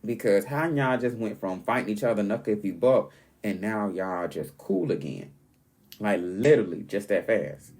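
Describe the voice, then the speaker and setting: A man hosting his own podcast, telling stories in a rambling, animated, casual way with sudden jumps in pitch. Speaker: podcast host. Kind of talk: casual solo podcast monologue.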